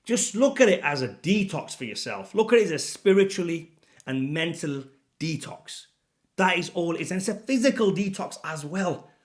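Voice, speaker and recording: A young man coaching fitness rants straight to camera, his voice sitting a little high. He is blunt and exasperated, slipping into low muttered asides before bursting out loud again. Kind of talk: impassioned rant to camera.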